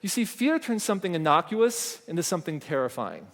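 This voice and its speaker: Man, high pitch, lively keynote storyteller, long hall reverb. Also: fairly quick, a little hiss or hum. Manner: animated storytelling, acts out quoted voices. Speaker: conference speaker. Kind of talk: motivational keynote talk. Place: conference hall stage.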